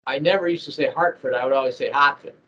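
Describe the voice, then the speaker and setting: A man's voice: mid-range voice, rapid-fire. A man from Massachusetts, a project manager, talking through a casual business interview with many fillers and restarts. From Massachusetts, near Boston. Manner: rambling, with frequent fillers and restarts. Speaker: ERP project manager at a manufacturer. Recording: dull lo-fi audio with faint noise.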